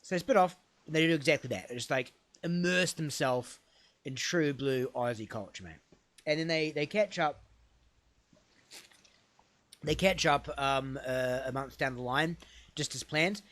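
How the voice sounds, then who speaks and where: A man co-hosting a casual comedy podcast, rambling and self-deprecating, often trailing off into quiet mumbles. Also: fairly high pitch, a little slow, long pauses, no echo. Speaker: podcast co-host.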